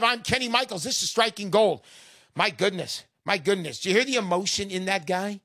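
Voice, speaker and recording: A brash male radio host pitches his ideas to callers with a showman's punch. His voice sits high and sounds bright and forceful. The studio sound is dry and close. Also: expressive, brisk, no echo. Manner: brash salesy showman, loud bursts. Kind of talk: call-in radio talk.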